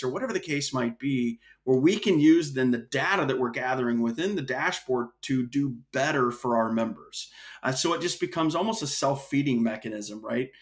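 A man speaking as a guest on an interview podcast, earnest and storytelling, often restarting his sentences. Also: medium pitch. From United States. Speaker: guest, association executive.

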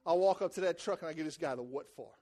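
A man preaching a sermon as a folksy personal story, loud and emphatic. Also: fairly high pitch, fast. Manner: folksy storytelling, voices quoted people.

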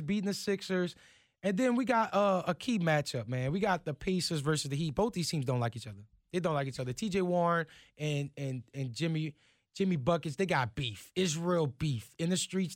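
A Cajun-accented man hosts a sports talk show in a casual, hyped style and trips over his words now and then. His voice sits a touch high. The sound is close and dry. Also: no room sound.

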